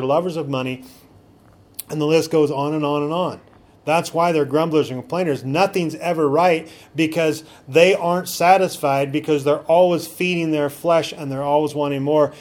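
A man's voice: fairly high pitch, a little mellow. A man preaching a sermon as a pastor, often asking the congregation rhetorical questions.

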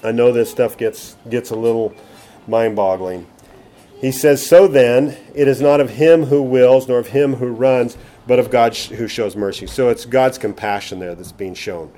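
A man's voice: medium pitch, moderate pace, dark tone. A middle-aged man preaching a Bible teaching sermon, conversational, asking rhetorical questions and checking in with "okay?". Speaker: pastor.

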